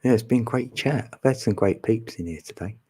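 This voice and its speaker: A man's voice: mid-range voice, brisk, dark tone, breathy edge. A man, chatting casually with viewers on a live stream, laughing often and teasing them.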